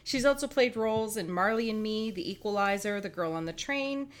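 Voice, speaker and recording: A young woman co-hosting a casual talk segment, chatty and quick to jump in with opinions. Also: mid-range voice, expressive. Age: young adult. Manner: chatty, jumps in with opinions and laughs. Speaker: co-host. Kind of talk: casual chat show segment.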